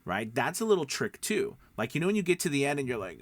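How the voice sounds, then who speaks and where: A man's voice: mid-range voice, big pitch swings, quick pace, no room sound. Man coaching voice acting, dry close sound. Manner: rambling, conversational, many fillers and restarts. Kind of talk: casual spoken lesson.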